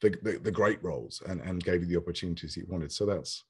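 A man's voice: deep voice, fast, a little mellow, breathy edge. A man hosting an interview, agreeing with his guest in loose, filler-heavy chat. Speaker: podcast host.

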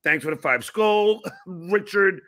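A man's voice: high voice, expressive, slow pace, fairly bright tone. A man with a New York accent hosting a podcast, talking loosely and reading out viewer messages. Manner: loose, rambling, reads out fan messages. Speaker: podcast host. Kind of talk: casual podcast conversation.

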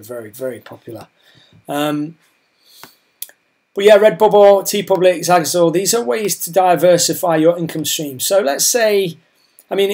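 Man, chatty, rambling, hoarse voice, a bit high-pitched. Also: darkish tone. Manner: rambling, chatty, repeats words and restarts. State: losing his voice. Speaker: online business vlogger. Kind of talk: casual talk to camera.

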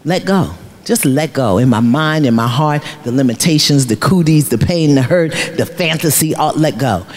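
A woman's voice: sits low, animated, moderate pace, few pauses, a little mellow. A middle-aged woman, a life coach, giving a storytelling motivational speech in a preacherly way, repeating phrases for emphasis and laughing often. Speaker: keynote speaker, life coach. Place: large luncheon hall.

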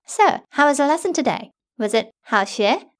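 A woman teaching a Mandarin lesson in clear, careful scripted narration, slowing down on the example words. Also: sits high, expressive.

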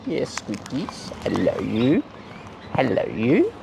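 A man who runs a bird-feeding channel, chatting casually and playfully to wild birds in a high, sing-song baby-talk voice. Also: lively intonation, measured pace, vocal fry, pauses often. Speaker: bird feeder and channel host. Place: outdoors with wild cockatoos. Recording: noisy outdoor recording.

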